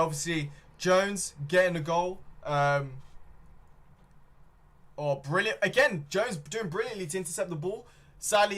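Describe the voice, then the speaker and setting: A young man streams himself watching a football match and gives fan play-by-play, meandering with many ums and repeated self-corrections. His voice is a little high and a bit bright.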